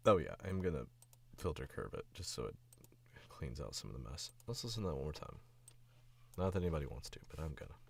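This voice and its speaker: Young male voice actor, very deep gravelly voice, lively swings, rambling stream chat. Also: quick pace, long pauses. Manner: chatty, self-critical, rambling. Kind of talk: casual livestream chat while editing. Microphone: studio mic.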